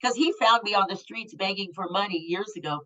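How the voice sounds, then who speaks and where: A woman's voice: mid-range voice, fairly quick, fairly bright tone, dull audio. A woman in her fifties, a guest telling a personal story in a blunt, raw and profane way. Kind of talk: candid storytelling.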